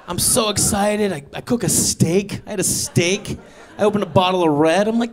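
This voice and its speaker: A man in his thirties doing a stand-up comedy set on stage, telling stories with bursts of acted voices. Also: normal speed. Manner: animated storytelling with sudden high-pitched acted quotes. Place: comedy stage before a live audience.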